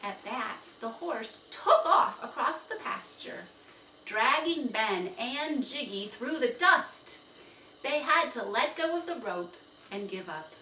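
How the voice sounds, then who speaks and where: A woman narrates a children's chapter book in slow, expressive storytelling. Her voice is bright and unhurried. The recording sounds roomy and distant, with a faint background hiss. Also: fairly high pitch. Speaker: storybook reader. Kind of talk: children's read-aloud narration.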